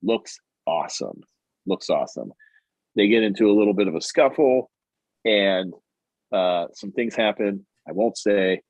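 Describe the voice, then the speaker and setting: A man's voice: fairly low pitch, lively intonation, measured pace, darkish tone, no room sound. A man co-hosting a podcast, casually recapping a comic and acting out the characters' lines. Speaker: podcast co-host. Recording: dull, muffled audio.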